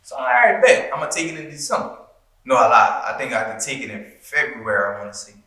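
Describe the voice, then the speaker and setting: Man, storytelling, bright lively voice, echoey room, off-mic. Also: medium pitch, fast talker, creaky, far from the mic. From Louisiana, US. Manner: animated, acts out quoted voices, profane slang. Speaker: podcast guest, former pro football player. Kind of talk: casual storytelling.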